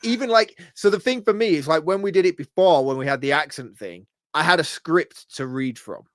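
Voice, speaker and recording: A man's voice: a little high, a little fast, fairly bright tone, no echo. A man co-hosting a podcast, flustered and reluctant, laughing nervously through casual banter. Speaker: podcast co-host.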